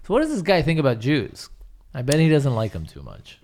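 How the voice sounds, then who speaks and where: A man's voice: mid-range voice, wildly swooping pitch, brisk, darkish tone. A man co-hosting a podcast in casual chat, blunt and emphatic, swearing freely. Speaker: podcast co-host.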